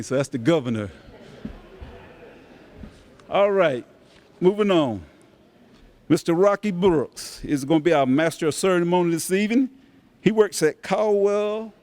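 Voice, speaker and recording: An older man, a community center director making relaxed, grateful announcements at a banquet. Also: fairly high pitch. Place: banquet hall.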